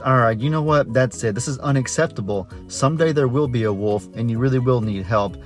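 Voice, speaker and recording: A man's voice: mid-range voice, fairly quick, faint music behind, close to an everyday voice. A man voicing annoyed adult townsmen who lecture a prankster boy in a stern tone. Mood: scolding.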